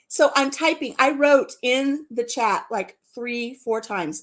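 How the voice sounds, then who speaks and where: Woman hosting a relaxed live chat, slightly high voice, giggly, rambles and repeats herself. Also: slow. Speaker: livestream host.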